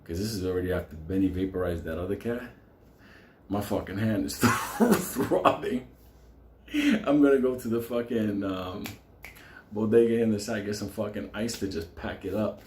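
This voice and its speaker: A man telling a profane story, laughing often and talking with animated energy. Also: lowish voice, a little fast, a little hiss or hum. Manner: laughing, animated, heavy swearing. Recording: echoey room with faint ambience.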